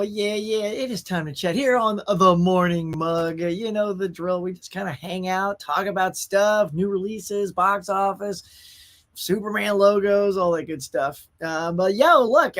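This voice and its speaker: A man's voice: sits high, normal speed, a bit bright. Laid-back man hosting a live chat. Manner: laid-back, chatty, greets viewers by name. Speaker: host of a pop culture live show. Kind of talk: casual livestream chat. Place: his own home collection room.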